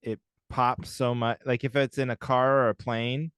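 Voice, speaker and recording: A young man trades jokes and playful arguments in a casual podcast chat. His voice is smooth and resonant despite a slight husky edge, recorded close and dry. His pitch sits at an ordinary middle level. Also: little pitch movement, moderate pace, a bit bright, dry recording. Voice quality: husky, like a smoker's voice right now. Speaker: podcast co-host.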